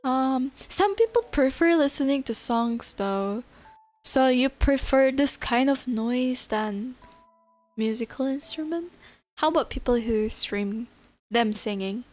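With a high voice and a slow pace, a woman streaming live makes easygoing conversation with her audience. She's chatty, laughs frequently and replies to chat messages.

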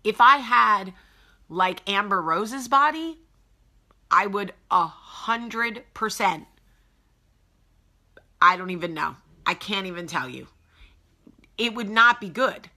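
A woman's voice: mid-range voice, expressive, takes it slowly, long pauses, sharp tone. A woman in her forties hosting a casual morning live chat from home, chatty and greeting viewers by name. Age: 40s. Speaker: host.

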